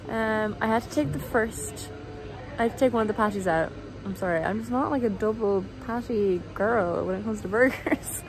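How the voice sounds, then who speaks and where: A woman's voice: fairly high pitch, noisy background. A young woman chatting casually to her phone camera while travelling, rambling and laughing at herself, worn out from a long journey. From Ireland. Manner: chatty, rambling, self-mocking. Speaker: vlogger. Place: airport room and plane cabin.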